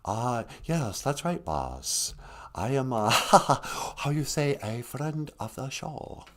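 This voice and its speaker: A man's voice: mid-range voice, big pitch swings, slow pace, fairly bright tone, slight background noise. A man voicing a polite, deferential male toy who is a friend of the show and calls the host boss.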